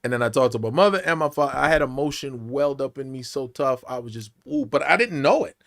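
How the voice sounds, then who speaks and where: A man's voice: mid-range voice, fast talker. A man in his forties, an actor, telling a personal story in a podcast interview, acting out the voices of the people in it. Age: 40s. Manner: animated storyteller, acts out voices. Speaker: actor guest. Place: podcast studio.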